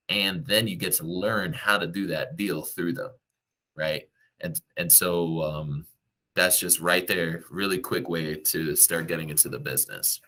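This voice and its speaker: A man's voice: sits low, a bit bright. A man who works as a real estate agent, giving direct, coaching advice to the viewer in a casual vlog.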